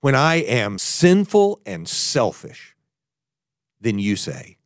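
A man delivers a podcast sermon in an earnest, heartfelt way. His pitch sweeps up and down with feeling as he shifts between emphatic lines and hushed ones. The recording is dry and close, with no room sound. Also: sing-song, takes it slowly, no room sound. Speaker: pastor.

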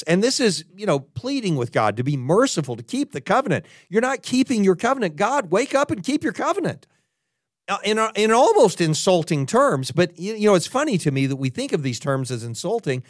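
A man's voice: fairly high pitch, no room sound, clean studio sound. A man preaching a sermon in an earnest, dramatic way, voicing pleading prayers as he goes.

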